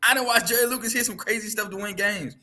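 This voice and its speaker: A man with a slightly high, bright, forceful voice breaks down a basketball game on a podcast. He hammers his points with rhetorical questions, talking casually but with plenty of emphasis. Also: fast. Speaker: podcast co-host. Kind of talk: casual sports chat.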